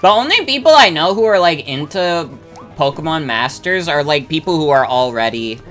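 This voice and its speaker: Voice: medium pitch, animated, normal speed, a bit bright, soft background music. A young adult game streamer chatting casually while playing, rambling with lots of fillers and swearing freely. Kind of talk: casual chat while gaming, reading chat.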